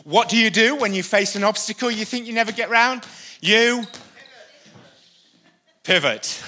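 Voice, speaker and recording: A male pastor preaching a sermon, energetic and repetitive for emphasis. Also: high-pitched, a little slow, long pauses, some chatter behind, a little hiss or hum. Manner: energetic, repeats lines for emphasis, uses a helper for a live demonstration. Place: church stage before a congregation.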